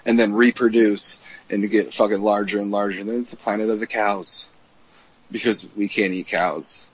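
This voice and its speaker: A man's voice: lowish voice, steady tone, moderate pace, fairly bright tone, slightly rough. Crude, ranting young podcast guy. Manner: crude, joking, rants. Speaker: podcast co-host. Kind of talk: casual chat. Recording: dull lo-fi sound with faint noise.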